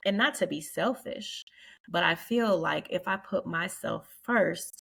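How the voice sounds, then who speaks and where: A woman's voice: on the low side, a little slow, creaky, fairly bright tone, husky. A woman hosting a casual group talk, speaking earnestly and preachily with frequent laughs. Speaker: podcast host.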